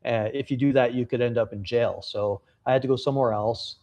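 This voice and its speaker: A man chatting straight to camera in a relaxed vlog update. He talks candidly and casually, drifting into stories, with the odd swear word tossed in. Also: mid-range voice, brisk. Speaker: travel vlogger and novelist.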